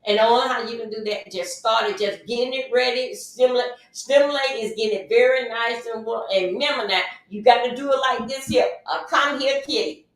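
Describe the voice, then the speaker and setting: A woman's voice: on the high side, brisk, few pauses. Woman livestreaming chatty advice, repeats herself, heavy echo, distant mic. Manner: chatty, emphatic, repeats phrases. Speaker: livestream host. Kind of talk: casual livestream advice talk. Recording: very echoey room, mic far off.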